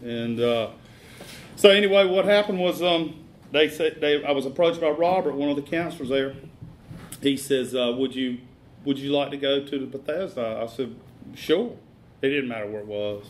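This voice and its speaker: A middle-aged man giving a blunt, plain-spoken personal testimony at a recovery meeting, halting often with fillers. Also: mid-range voice, slight background noise.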